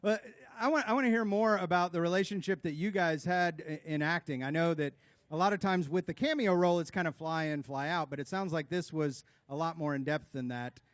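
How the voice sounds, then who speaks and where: High-voiced upbeat male co-host. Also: a little fast, dry recording. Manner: upbeat, enthusiastic reactions. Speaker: show co-host. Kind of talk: live talk show hosting.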